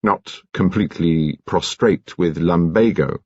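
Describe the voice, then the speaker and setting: A man's voice: low voice, measured pace, a little mellow, slightly rough, dry recording, lo-fi sound, heavily acted. A man voicing a cool, urbane police detective with a polished, lightly ironic manner. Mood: probing.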